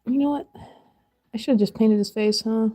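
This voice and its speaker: A woman in her thirties talks casually as she crafts on a live stream. Her voice is mellow and relaxed, and she rambles and laughs often. Faint music plays quietly in the background. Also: fairly high pitch, moderate pace. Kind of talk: casual chat while crafting.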